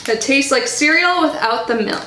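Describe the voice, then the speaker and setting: A chatty woman with a high, bright voice reads snack labels aloud and chats between bites in a casual unboxing vlog. Her voice bounces around an echoey room with faint background noise. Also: expressive, moderate pace. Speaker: subscription box reviewer. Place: home in Florida.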